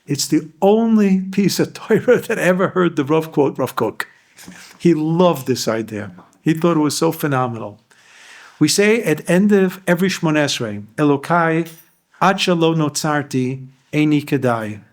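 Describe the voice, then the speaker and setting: A man's voice: a little high, animated, moderate pace. A rabbi giving a Torah lecture to a class. He explains Hebrew verses line by line and asks his listeners questions.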